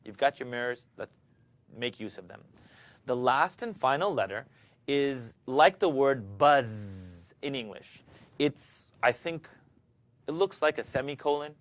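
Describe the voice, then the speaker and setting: A man gives a recorded recitation lesson and takes his time over every word. He demonstrates letter sounds slowly and patiently for the learners to copy. His voice sits at a middling pitch in a dry, dead room. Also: expressive, no echo. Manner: slow, patient, demonstrating each sound aloud. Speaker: Quran recitation teacher.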